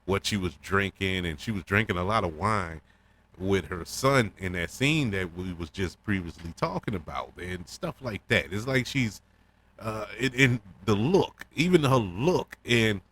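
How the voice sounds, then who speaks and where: A man with a fairly low voice talks through a TV episode in a loose, chatty way. He laughs often and stumbles through fillers and repeated words. It sounds like an unscripted podcast review. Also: animated, unhurried, fairly bright tone, a little hiss or hum. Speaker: podcast host.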